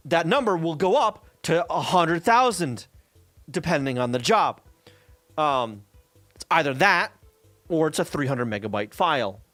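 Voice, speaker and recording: A man venting on a stream in an exasperated, profane way, his pitch jumping up and down. The voice sits a bit higher than most men's and sounds dry and close. Faint music plays behind him. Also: a bit bright, no room sound. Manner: exasperated, swears freely, many fillers and 'right?'. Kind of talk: casual profane rant about programming.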